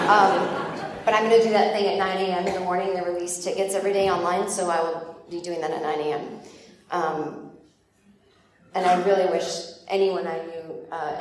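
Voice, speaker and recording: A woman's voice: on the low side, background noise. Woman doing echoey phone-taped stand-up. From United States. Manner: chatty, exasperated, quick asides. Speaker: stand-up comedian. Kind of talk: stand-up comedy set. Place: comedy show venue. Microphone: phone in the audience.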